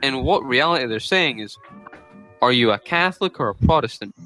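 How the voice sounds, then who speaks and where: A man's voice: medium pitch, expressive, brisk, bright, forceful tone, soft background music. A Scottish man chatting casually on a group podcast, loose and often laughing. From Scotland. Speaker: podcast panelist.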